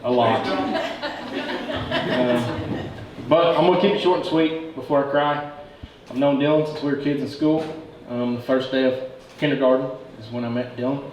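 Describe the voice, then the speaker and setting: A man giving a best man's wedding toast, joking between halting pauses and fighting back tears. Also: mid-range voice, crowd noise. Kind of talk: emotional wedding speech. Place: wedding reception room. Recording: very echoey room, distant mic, noisy.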